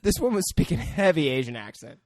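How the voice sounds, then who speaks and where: A man's voice: on the high side, big pitch swings, quick pace, no room sound, studio quality. A young man co-hosting a podcast, recapping a movie in a loose, profane, rambling way and often laughing. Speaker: podcast co-host. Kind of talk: casual movie recap chat.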